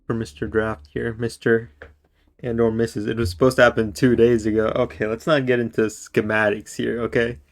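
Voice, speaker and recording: A man streaming a game live, joking and teasing a friend on voice chat, then reading the game's story text aloud in a slow, measured narrating voice. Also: medium pitch, flat delivery.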